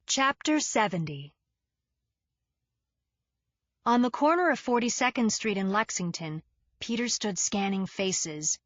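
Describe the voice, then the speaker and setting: A woman's voice: medium pitch, animated, normal speed, fairly bright tone, dry recording. A woman narrating a mystery thriller audiobook with a tense, dramatic reading.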